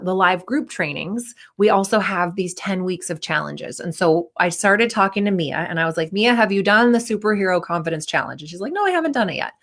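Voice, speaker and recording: A woman confidence coach talking casually to athletes, acting out their inner voices and leading a short breathing exercise. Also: lowish voice. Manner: chatty, acts out inner voices, guides breathing.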